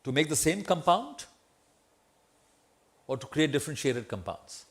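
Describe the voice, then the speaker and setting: A man's voice: fairly high pitch, very animated, unhurried. A middle-aged man with an Indian English accent gives a lecture in an auditorium, asking the audience questions and tagging lines with "right?". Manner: conversational, asks the audience questions, tag "right?". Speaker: guest lecturer. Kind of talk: memorial lecture to students.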